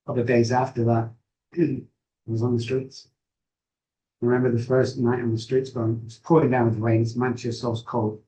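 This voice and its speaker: A middle-aged man, speaking as an interview guest. He tells a personal story candidly, with frequent pauses and restarts. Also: mid-range voice, level tone, dark tone, poor audio. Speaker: guest, addiction recovery expert.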